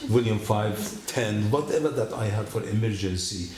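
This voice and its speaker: A man giving his personal testimony at a church, telling his story in an animated way and acting out the dialogue. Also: lowish voice, normal speed, a crowd in the background. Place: church hall. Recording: echoey room.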